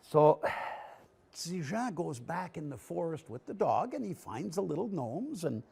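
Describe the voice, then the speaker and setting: A man's voice: fairly high pitch, a little slow, gravelly, breathy edge. A man telling a story to children on a local TV show, acting out the scenes as he talks. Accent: Canadian English. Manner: animated, acts out scenes with gestures. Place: TV studio. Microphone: broadcast mic.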